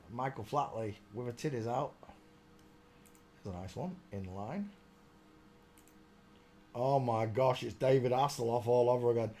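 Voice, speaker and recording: A man's voice: mid-range voice, mellow. A man hosting a casual live stream, chatty and exclaiming, muttering to himself as he searches.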